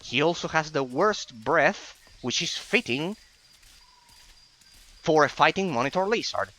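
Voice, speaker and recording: A man's voice: expressive, measured pace, bright, forceful tone, poor audio. A man reading aloud the quest lines of a proud female lizard keeper, raising his voice above his usual tone. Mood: boastful. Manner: reads quest text aloud, lifting his pitch.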